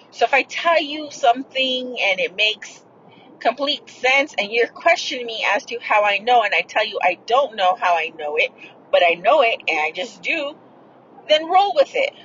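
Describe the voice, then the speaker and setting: A woman's voice: a little high, a bit bright, muffled recording, a little hiss or hum. A woman hosting a podcast, telling a personal story in a blunt, profane, rambling way. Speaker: podcast host. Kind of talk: casual storytelling.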